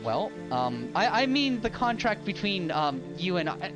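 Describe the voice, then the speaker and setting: A man's voice: sits high, big pitch swings. A man playing a fussy, hesitant lawyer. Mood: defensive. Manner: halting, full of ums and restarts, polite. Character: hesitant, fussy male lawyer, mild and bureaucratic. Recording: dull lo-fi with loud ambient music.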